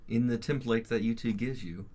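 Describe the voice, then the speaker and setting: A man's voice: medium pitch, steady tone, a little fast, mellow. A man hosting a chess stream, chatting casually and rambling with jokes and frequent restarts. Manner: rambling, jokey, restarts often. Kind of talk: casual gaming chat.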